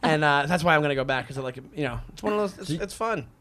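A man, a comedian guest, chatting casually and telling quick self-mocking stories. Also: a little high, lively intonation, sharp tone, a little hiss or hum. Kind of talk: casual chat.

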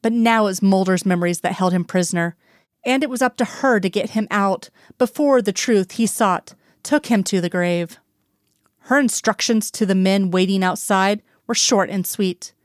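Smooth-voiced woman reading a story aloud. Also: medium pitch, normal speed, no echo, studio quality. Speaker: reader. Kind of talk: fan fiction read-aloud narration.

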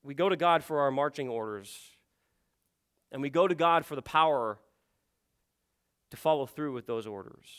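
A man's voice: medium pitch, moderate pace, long pauses, a bit bright, clear, resonant tone. A man preaching a sermon to his congregation in an earnest, emphatic way, often repeating "you see". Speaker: pastor.

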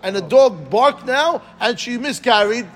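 Male rabbi, Talmud class, high voice, quick animated explanations. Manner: explains Aramaic phrase by phrase in English; quick, animated, asks listeners "right?".

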